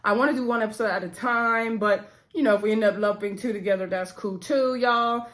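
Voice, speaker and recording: A woman's voice: mid-range voice, fairly quick, fairly bright tone. A woman reviewing a TV episode in a casual chat, calling her viewers y'all and acting out the characters' lines as she retells them, with a bit of a runny nose. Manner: chatty, addresses viewers as y'all. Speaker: TV show reviewer.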